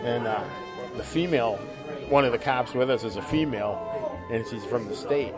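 A man's voice: medium pitch, moderate pace, over loud music. A man who is a police officer, casually telling a funny work story and laughing as he goes. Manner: chatty, laughs through his own story.

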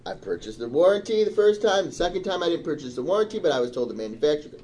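Middle-aged man, slightly high voice, casual chat, animated storytelling, gets indignant. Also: racing, slight background noise. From Michigan, USA. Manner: animated, rising to indignant outbursts. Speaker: storyteller on a talk show.

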